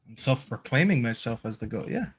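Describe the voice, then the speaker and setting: A man's voice: medium pitch, big pitch swings, a little fast, husky. A man on a football podcast panel, boasting and ribbing the host in casual chat.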